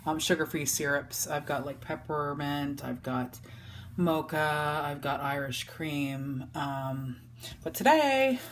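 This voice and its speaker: A woman's voice: low-pitched, flat delivery, slow pace, slight background noise. A woman chatting casually in a food vlog from her home office, talking in a loose, chatty way with many ums and restarts. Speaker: vlogger. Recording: echoey room.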